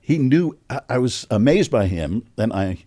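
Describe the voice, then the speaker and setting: A man's voice: mid-range voice, very animated, normal speed, warm tone. A man from Chicago hosting a podcast, asking questions and chatting casually with his guest. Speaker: podcast host. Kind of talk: casual interview chat.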